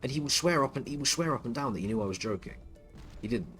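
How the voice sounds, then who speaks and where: A man's voice: mid-range voice, lively intonation, quick pace, a bit bright, soft background music. A man streaming live, ranting with open contempt and falling into frequent stuttering restarts.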